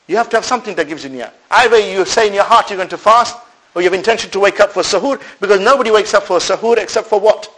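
In a rough recording, a high-voiced Islamic preacher moves fast through his sermon before a live audience. He answers the rhetorical questions he raises, threads Arabic religious expressions throughout, and stays animated, his volume rising and falling.

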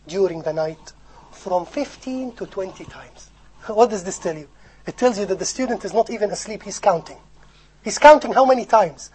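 A man preaching a sermon, animated, swinging from loud emphasis to soft asides and acting out quoted speech. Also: high voice, breathy edge, poor audio. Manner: acts out quoted speech and recites in Arabic. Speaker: Islamic preacher. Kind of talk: sermon on hadith scholars.

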